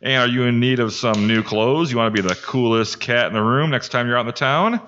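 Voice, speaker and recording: A man's voice: mid-range voice, fairly quick, fairly bright tone, dull audio, slight background noise. A man co-hosting a podcast in casual chat, reading sponsor notes with playful teasing. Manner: playful, reads sponsor lines. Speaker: podcast co-host. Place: pizza restaurant.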